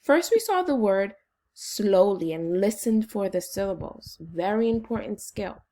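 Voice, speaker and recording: A woman teacher leading a phonics lesson for children, slowly and encouragingly sounding out syllables. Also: medium pitch, animated, mellow.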